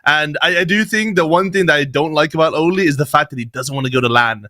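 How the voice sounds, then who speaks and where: A man co-hosting a gaming podcast, talking in an animated, joking and emphatic way. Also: fairly high pitch, fast. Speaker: podcast co-host. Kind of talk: casual chat.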